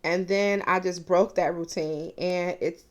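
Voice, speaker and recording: In her forties, this mukbang vlogger confides in her audience in a casual personal vlog, addressing them as "you guys." She speaks unhurriedly in a steady voice on the low side.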